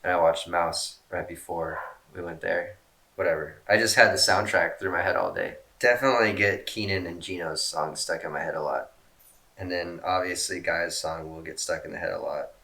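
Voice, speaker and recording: A man's voice: low-pitched, normal speed, sharp tone. A man casually reading out fan questions and answering them in a rambling, laid-back way, swearing often and joking at his own expense. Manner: self-mocking jokes.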